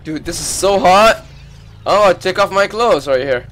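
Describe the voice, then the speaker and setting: A man streaming live gameplay, reacting with loud excited exclamations and swearing. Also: sits high, normal speed, a little hiss or hum. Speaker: gaming streamer.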